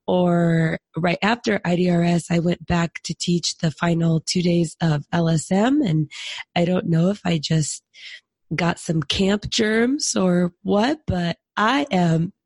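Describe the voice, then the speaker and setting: A woman's voice: lowish voice, slow pace, darkish tone, breathy edge, no room sound. A woman podcast co-host chatting casually and self-deprecatingly while sick with a cold. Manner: chatty, self-deprecating, laughs through her words. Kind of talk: casual chat.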